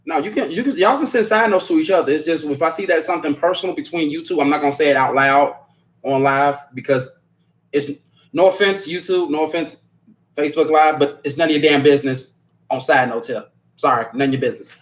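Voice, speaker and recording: A man's voice: a little high, fairly quick, rough recording. A man hosting a live stream, chatting casually as he reads viewer comments, rambling, repeating himself and laughing often. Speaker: host of a live stream show.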